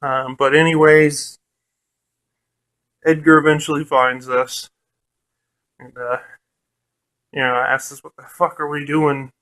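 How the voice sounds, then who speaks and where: A man's voice: a little high, level tone, takes it slowly, pauses often, a bit bright. A man casually recounting a tabletop game session, laughing often and swearing freely, with lots of fillers. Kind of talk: casual storytelling.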